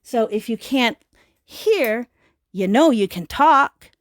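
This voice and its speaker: A woman's voice: on the high side, lively intonation, takes it slowly. A woman in her fifties giving an earnest live-stream talk on self-healing, speaking straight to her viewers. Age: 50s. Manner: earnest, repeats herself, speaks straight to the audience. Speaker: self-healing teacher and host.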